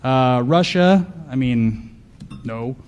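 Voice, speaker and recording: A male conference panelist with an ordinary mid-pitched voice works the room in a loose comedic riff. He sounds sarcastic and mock-paranoid, with a dry, deadpan delivery, and he keeps tossing quick questions at the audience. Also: muffled recording, background noise. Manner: sarcastic, riffing, asks the crowd questions. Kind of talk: comedic live talk to an audience.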